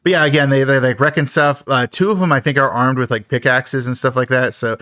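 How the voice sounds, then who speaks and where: A man talks through a film's plot on a podcast, loose and rambling, with lots of fillers and wry asides. His voice sits in a middle pitch. The sound is dry and close to the mic. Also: steady tone, a little fast, sharp tone, no room sound. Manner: rambling, filler-heavy, laughs at the film. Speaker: podcast host. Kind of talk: casual film recap.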